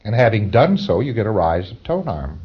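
Low-voiced man lecturing on dull tape. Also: big pitch swings, moderate pace, husky. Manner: wry, conversational, with chuckles and mock dialogue. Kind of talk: recorded training lecture.

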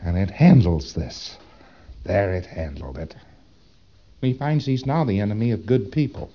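A man's voice: lowish voice, expressive, unhurried, mellow, dull audio, a little hiss or hum. A man giving a lecture, speaking dramatically with rhetorical questions and acting out his examples. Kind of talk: recorded lecture.

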